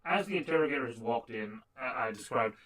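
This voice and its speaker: A man's voice: mid-range voice, expressive, brisk, noisy background. A man running a tabletop game as game master, describing scenes with frequent restarts. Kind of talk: narrating a tabletop game over a call.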